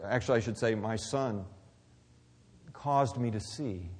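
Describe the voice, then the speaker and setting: A pastor preaching a sermon, swinging between loud emphasis and near-whispered asides. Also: male voice, lowish voice, a little slow, breathy edge. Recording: long reverb of a large hall.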